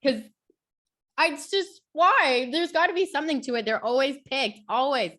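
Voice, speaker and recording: A woman's voice: high voice, lively intonation, normal speed, bright, forceful tone. A woman speaking candidly and bluntly as a podcast guest in casual chat, swearing casually.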